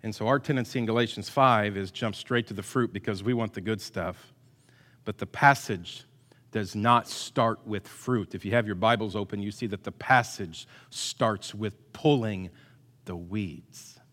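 A male pastor delivering a sermon, swinging between loud emphatic bursts and quiet asides, with self-deprecating humor. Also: lowish voice, unhurried. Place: church hall with long reverb. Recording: hall reverb.

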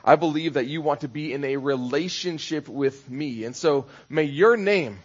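A man's voice: on the high side, normal speed, breathy edge, lo-fi sound. A man preaching a sermon as pastor, conversational, building into rhythmic repeated phrases.

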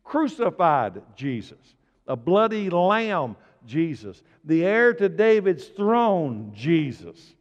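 A man preaching a sermon, swinging from loud exclamations to hushed, slow lines. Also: medium pitch. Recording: dull sound with long hall reverb.

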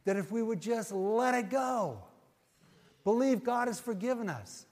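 A male pastor preaching a sermon and leading an altar-call prayer, earnest and folksy, repeating his phrases and dropping to a hush as he prays. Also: very high-pitched, expressive, unhurried, in a large hall. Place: church sanctuary.

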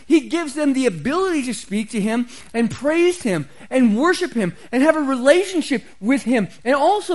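A male pastor delivering a sermon in a fairly high-pitched voice. He is emphatic and repeats key phrases to drive them home. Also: poor audio.

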